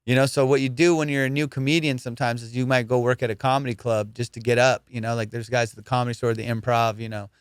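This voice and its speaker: A man's voice: medium pitch, little pitch movement, quick pace, hardly any pauses, clean tone, dry recording, studio quality. A man hosting a comedy podcast, swearing freely and telling stories in casual, teasing chat. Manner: profane, storytelling, teasing. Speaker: podcast host.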